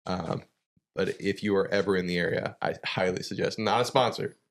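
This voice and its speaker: A man, a father co-hosting a casual podcast in a relaxed, easygoing way. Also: sits low, moderate pace, creaky. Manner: relaxed, easygoing, enthusiastic recommendations. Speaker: podcast co-host. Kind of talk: casual chat.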